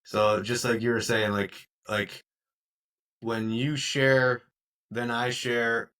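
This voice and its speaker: A man's voice: mid-range voice, flat delivery, slow, pushed and bright. A man co-hosting a podcast in casual chat, speaking openly and reflectively about his feelings. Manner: open, reflective, candid about emotions. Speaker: podcast co-host.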